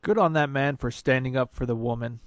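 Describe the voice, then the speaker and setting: A man in a played video clip giving measured, disapproving commentary. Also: medium pitch, a loud crowd.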